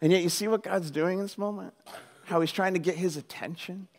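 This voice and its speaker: An animated man gives a conversational sermon, joking with the congregation as he goes. His voice sits a little on the high side, and he drops into the voices of the people in his story before coming back to plain talk. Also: fairly quick. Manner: animated, jokey, acts out quoted voices. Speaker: pastor.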